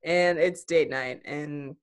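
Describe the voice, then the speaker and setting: Sarcastic woman recapping, low voice. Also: fairly even intonation, slow pace, smooth. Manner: sarcastic, swears, mocks people in quoted voices. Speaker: podcast co-host. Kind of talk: casual recap chat.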